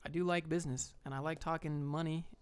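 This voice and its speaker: A man's voice: fairly high pitch, fast, clear, resonant tone. A man hosting a livestream, chatting casually and bluntly about job hunting and reacting to viewers. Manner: relaxed, blunt, swears casually, talks to chat. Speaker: livestream host giving job advice.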